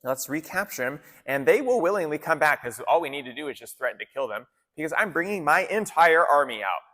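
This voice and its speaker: Man doing a casual, scheming king, raised pitch, offhand slang, echoey hall. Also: lively intonation, a little fast, bright, forceful tone. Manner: breezy, offhand modern slang.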